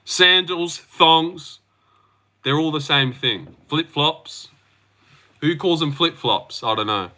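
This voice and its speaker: A man's voice: fairly high pitch, slow pace, pushed and bright. A young Australian man hosting a livestream, reading out chat and reacting in loose, slangy talk. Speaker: livestream host.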